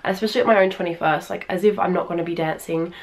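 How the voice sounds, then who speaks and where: A woman's voice: fairly low pitch, fairly even intonation, very fast. Gushing young Australian woman. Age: early 20s. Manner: chatty and gushing, many fillers. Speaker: fashion vlogger. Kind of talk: try-on haul chat. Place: at home.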